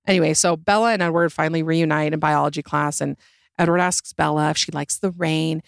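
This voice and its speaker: A young woman hosting a solo podcast, talking in a sarcastic, exasperated way and jumping up in pitch for emphasis. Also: fairly even intonation, fairly quick, vocal fry, no echo, clean studio sound. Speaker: podcast host.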